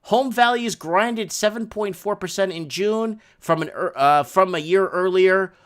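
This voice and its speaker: A man's voice: sits high, measured pace, fairly bright tone. A man hosts a housing market talk show. He reads news items aloud, adds rambling commentary, and works out sums as he goes.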